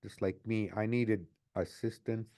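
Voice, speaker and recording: A man's voice: on the low side, steady tone, measured pace, mellow. A man in his late sixties talking earnestly in an interview as a community advocate, often repeating his phrases. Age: 60s. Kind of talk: reflective interview talk.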